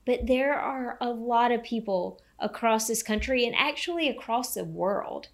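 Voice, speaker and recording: A woman's voice: a little high, expressive, measured pace. A woman co-hosting a podcast, talking in a casual, encouraging way about health and hope. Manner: enthusiastic, encouraging, faith-tinged. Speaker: podcast co-host.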